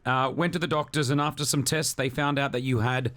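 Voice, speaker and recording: A man hosting a morning radio interview in a studio. He asks his questions gently and stumbles through restarts on the hard ones. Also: medium pitch, steady tone, brisk. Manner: empathetic, fumbling restarts when asking hard questions. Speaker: radio show host. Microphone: studio microphone.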